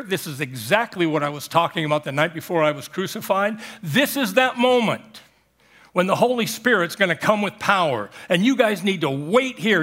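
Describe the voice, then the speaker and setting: A preacher putting on a stern, commanding teacher who gives orders with a pointed, insistent firmness. The voice sits a little high for a man and never softens into a suggestion.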